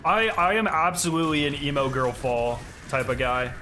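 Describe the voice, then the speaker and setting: A man on a live stream with a crisp, bright voice that sits a little high for a man. He rambles in loose, profane chat and speaks directly to his viewers. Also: animated, moderate pace, a little hiss or hum. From Southern United States.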